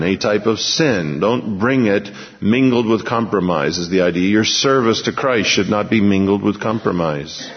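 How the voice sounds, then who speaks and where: A pastor teaching an expository sermon, reading scripture aloud and then explaining it with emphatic repetition. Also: male voice, fairly low pitch, moderate pace, hardly any pauses. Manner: emphatic, repeats key phrases. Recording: lo-fi recording in a large reverberant hall.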